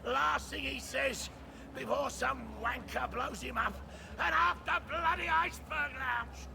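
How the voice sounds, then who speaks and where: An actor playing a cruel, gloating crime boss with a gravelly, sneering voice. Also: male voice, very high voice, unhurried, heavily acted. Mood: defensive. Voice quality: gravelly, sneering, swears a lot. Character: menacing crime boss, middle-aged man, gloating and cruel. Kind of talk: video game voice acting. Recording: game audio with loud noise.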